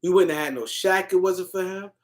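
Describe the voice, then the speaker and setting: A woman's voice: on the low side, a little fast. A woman hosting a live-stream sports show, ranting in a heated, argumentative way and repeating her points. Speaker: sports commentary host.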